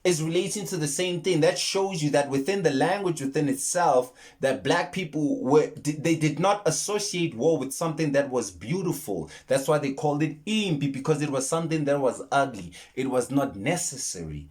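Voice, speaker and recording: A man's voice: a little high, lively intonation, normal speed, few pauses, a little mellow. Earnest man breaking down a film. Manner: earnest, repeats and restarts words, retells scenes. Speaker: YouTube film commentator. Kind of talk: casual film breakdown monologue.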